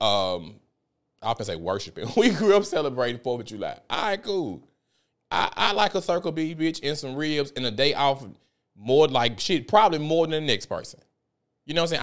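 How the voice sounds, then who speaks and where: A young man from South Memphis, Tennessee, speaks with a Memphis Southern accent in a mid-range voice. He hosts a podcast, delivering a casual monologue full of loose, profane, animated stories and frequent laughs.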